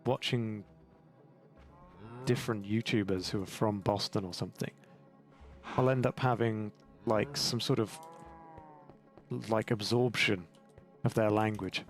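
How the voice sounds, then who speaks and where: A young man with an English accent chats loosely and rambles from one tangent to the next while he plays. His voice sits fairly low. Game music plays clearly behind him. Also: fairly even intonation, unhurried, long pauses. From England. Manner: rambling, chatty, self-mocking. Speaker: gaming YouTuber. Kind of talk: casual gameplay commentary.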